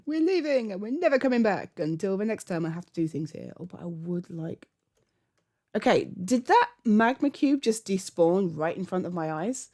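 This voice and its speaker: A woman's voice: medium pitch, very animated, normal speed, darkish tone. A woman host giving rambling, casual gameplay commentary from a home setup, laughing often and muttering asides to herself. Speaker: gaming channel host.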